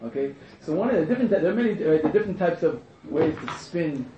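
A man's voice: on the high side, expressive, fast, mellow. A man teaching a class in a humorous lecture, repeating phrases and chuckling at his own jokes. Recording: echoey room, muffled, faint hiss.

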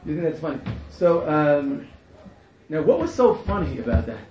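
A man's voice: fairly high pitch, sing-song, normal speed, dark tone, soft background music. A man teaching a class in a humorous lecture, repeating phrases and chuckling at his own jokes. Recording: echoey room, muffled, faint hiss.

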